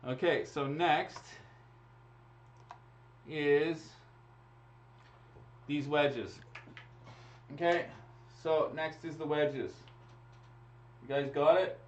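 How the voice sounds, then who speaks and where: A man hosting a live raffle draw chats casually and laughs into a computer mic, talking through each draw. His slightly high voice holds a steady tone, with drawn-out words and frequent pauses, and the dull lo-fi stream audio carries slight background noise.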